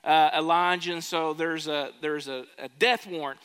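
A man's voice: on the high side, normal speed, bright, forceful tone, clear, resonant tone. A man preaching a sermon as pastor in a church, telling a story and asking the congregation questions. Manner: storytelling, asks the crowd questions. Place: church sanctuary. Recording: long church reverb.

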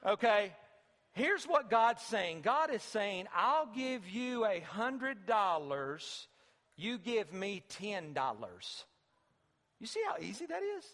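A man's voice: high voice, a bit bright, in a large hall. A man preaching a sermon as pastor in a church sanctuary, talking in a conversational way with repeated phrases and sudden emphatic bursts.

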